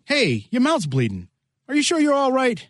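A blustery small-town policeman, played by a man in a radio play. His husky voice runs high and bounces around, recorded dry and close. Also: wildly swooping pitch, normal speed, no room sound, exaggerated voice. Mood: puzzled. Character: puzzled small-town male cop. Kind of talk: amateur radio play reenactment.

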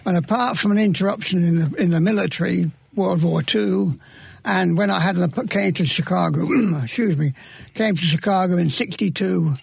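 A man's voice: high-pitched, moderate pace, gravelly, breathy edge, no room sound. A man in his eighties with an English accent, a guest gardener answering questions plainly in a radio studio. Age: 80s. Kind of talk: casual radio interview.

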